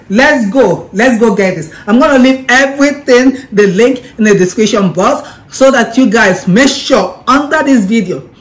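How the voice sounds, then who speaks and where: A woman reviewing a beauty product in a chatty, excitable vlog, often repeating herself as she demonstrates it. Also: medium pitch. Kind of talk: casual product demo vlog.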